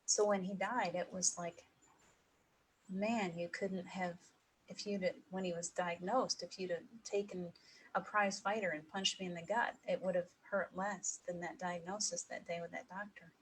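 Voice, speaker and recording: A middle-aged woman giving a heartfelt personal talk to an audience, emotional and pausing, with soft laughs. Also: lowish voice, steady tone, slight background noise, low-quality recording. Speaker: speaker at an evening talk.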